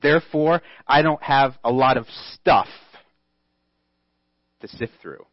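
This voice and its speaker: A man preaching a sermon as pastor, earnest and emphatic, reading scripture aloud with deliberate pauses. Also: medium pitch, no room sound, muffled recording.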